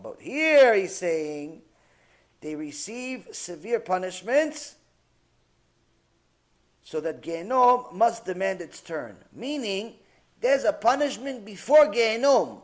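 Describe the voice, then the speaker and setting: A rabbi giving a Torah lecture, animated and acting out the quotes he tells. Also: high voice, slow. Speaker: rabbi teaching.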